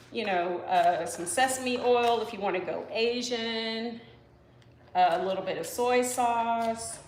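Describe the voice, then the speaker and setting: A fairly high-pitched woman hosts a casual live cooking stream from her home kitchen. She rambles cheerfully, answering viewer comments between steps. The sound is roomy, with a faint hum behind her. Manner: chatty and rambling, full of "you know" and "like", answers comments as she cooks. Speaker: professional chef and live-stream host.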